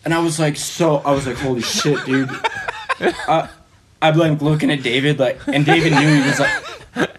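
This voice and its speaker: A man's voice: a little high, moderate pace, very noisy. A man telling a story as a podcast guest in casual, rambling speech full of fillers, often laughing.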